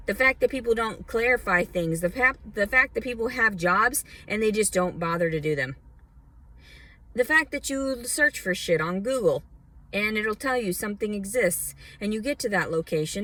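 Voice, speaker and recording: A woman's voice: on the low side, a bit bright. A woman from Arkansas ranting angrily and with lots of swearing into her phone outdoors. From Arkansas, USA. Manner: heated, profane, rambling. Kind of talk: angry rant vlog. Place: outdoors outside a department store.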